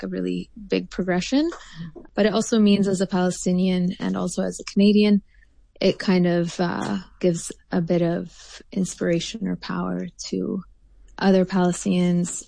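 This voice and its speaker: Woman artist, interview guest, low gravelly voice, mellow tone, thoughtful with many fillers. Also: no room sound. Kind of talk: interview answers.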